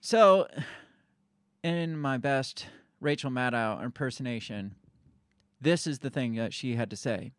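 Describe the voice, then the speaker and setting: A man's voice: medium pitch, a little slow, clean tone, dry recording. A man co-hosting a podcast, ranting and swearing in exasperated casual chat. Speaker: podcast co-host.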